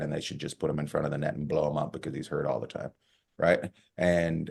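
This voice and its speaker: Deep gravelly-voiced man telling jokes. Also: a little mellow. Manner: rambling joking storyteller who laughs at his own jokes. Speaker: podcast co-host. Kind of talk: casual podcast chat.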